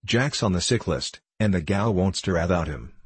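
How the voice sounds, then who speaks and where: Snuffling sneaky male convict, deep voice; a man reads it. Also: expressive, normal speed, husky, no echo, full character voice. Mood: wary. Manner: snuffling, wary.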